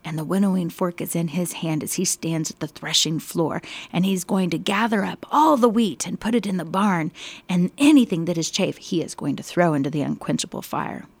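A woman telling a Bible story, expressive, slow and emphatic. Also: lowish voice, slightly rough, no echo.

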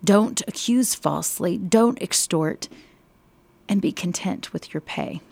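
A woman voicing a fiery male desert prophet who proclaims loudly at crowds. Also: on the low side, slow, gravelly, breathy edge, no echo, heavily acted. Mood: firm. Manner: loud, forceful proclaiming. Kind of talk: acted Bible story quotes.

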